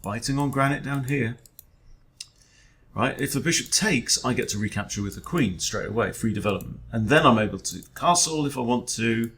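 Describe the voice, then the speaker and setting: A man's voice: medium pitch, lively intonation, moderate pace, a bit bright. A man, a chess coach, thinking aloud during an online game in a wry, self-deprecating way, often muttering to himself.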